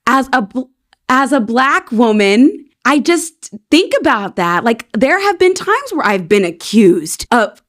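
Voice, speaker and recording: A woman with a fairly high voice hosts a relaxed interview show. She chats casually and reacts with open enthusiasm to her guest. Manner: effusive, quick to react with gasps and laughs. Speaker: podcast host.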